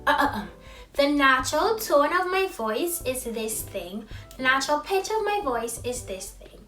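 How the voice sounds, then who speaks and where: A young woman vlogger with a childlike high voice, talking in a sassy, expressive way that swings from loud to hushed. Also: normal speed, roomy sound, recorded from a distance, faint music behind. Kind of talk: casual vlog monologue.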